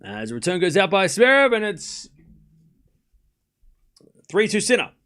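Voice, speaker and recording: A man hosts a live tennis watchalong stream, calling the score and shots in casual play-by-play, chatting with viewers, thanking supporters, and playfully scolding chat. His voice is high, very animated, and a bit bright, at a measured pace.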